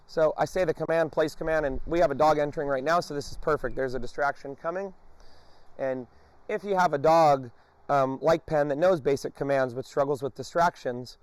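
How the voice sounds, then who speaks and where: A man training a dog on a leash, explaining each step calmly and breaking off to praise and give commands to the dog. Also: a little high, fairly quick, dry recording. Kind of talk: instructional demonstration.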